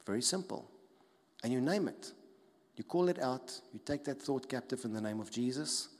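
A man's voice: mid-range voice, animated, normal speed. Man, pastor, sermon, emphatic, repetitive phrasing, long hall reverb. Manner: emphatic, repeats key phrases, drops soft for stress. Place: church hall.

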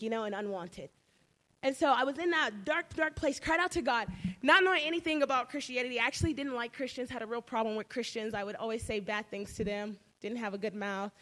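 A woman's voice: high voice, fairly bright tone. A young woman giving an emotional personal faith testimony, telling her story animatedly with many fillers. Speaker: testimony speaker.

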